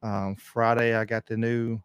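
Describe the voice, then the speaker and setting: A man's voice: mid-range voice, flat delivery, a little slow, clear, resonant tone, no room sound. A man hosting a casual livestream podcast, rambling in a laid-back way with lots of fillers. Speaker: podcast host. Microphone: desk mic on a stand.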